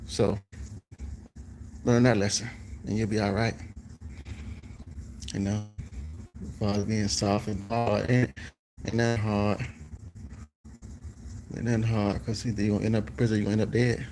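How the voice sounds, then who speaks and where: A man's voice: lowish voice, little pitch movement, normal speed, pauses often, a little mellow, a little hiss or hum, rough recording. A man vlogging as he cooks, chatting casually to his viewers and rambling, repeating phrases, talking slangy. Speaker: cooking vlogger.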